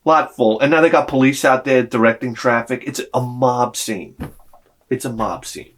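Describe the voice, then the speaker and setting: A man telling a personal story in an animated way, swearing freely and acting out the people in it. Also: mid-range voice, normal speed. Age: adult with a young son. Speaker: video creator.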